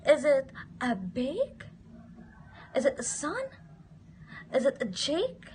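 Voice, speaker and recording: Langzame, heldere lerares met hoge stem. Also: female voice, high-pitched, wildly swooping pitch, darkish tone, slight background noise. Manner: slow, sing-song questioning and repeating words. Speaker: teacher. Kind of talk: phonics lesson for young children.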